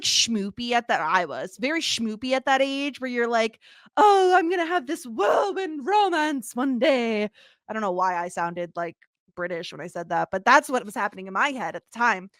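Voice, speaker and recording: Lively woman cohost, bright higher voice, dry close sound, jokey. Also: a little fast, dry recording. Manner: animated, jokey, bursts into laughs. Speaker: podcast co-host. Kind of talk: casual chat.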